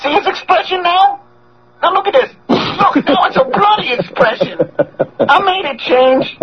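A man voicing a crude, rampaging male ex-con boxer who taunts, shouts and cries out in a high, lisping squeal, laughing between threats. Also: animated, normal speed. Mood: taunting. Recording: dull radio broadcast with noise.

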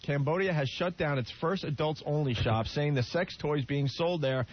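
A man's voice: fairly high pitch, moderate pace. A man hosting a radio comedy show, joking and boasting in casual banter, taking calls. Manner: joking, boastful, laughing easily. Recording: dull lo-fi radio with faint hiss.

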